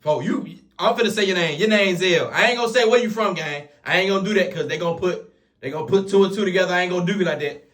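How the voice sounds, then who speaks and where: Speaking casually to camera, a male vlogger recounts a prison story at high pitch, fast and with a drawl. He retells it animatedly in slang, repeating oaths and fillers.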